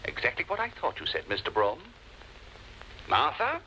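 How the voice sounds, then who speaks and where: An actor playing a pompous, exasperated middle-aged husband in a 1950s television drama, blustering. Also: male voice, mid-range voice, wildly swooping pitch, moderate pace, bright, forceful tone, a little hiss or hum, rough recording.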